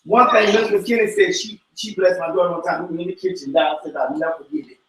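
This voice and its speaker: A man leading an informal Bible study, talking in an animated, preachy way that breaks into shouts. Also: high-pitched, fast talker. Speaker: cell group teacher. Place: church room. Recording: echoey room from far off.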